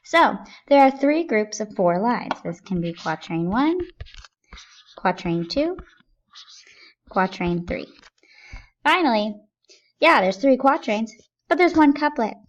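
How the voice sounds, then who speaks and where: A woman's voice: on the high side, sing-song, takes it slowly, pauses often, muffled recording. A woman teaching a recorded lesson, explaining things step by step in a patient way.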